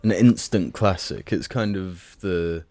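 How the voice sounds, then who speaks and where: Man, podcast co-host, low voice, easygoing, dry close sound. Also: takes it slowly, a little mellow, no echo, faint music behind. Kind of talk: casual chat.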